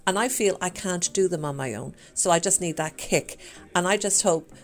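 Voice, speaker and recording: An Irish woman in her fifties, taking part in a health challenge, chats casually at a normal speed in a lowish voice. She is upbeat and rambling, and her talk is full of fillers.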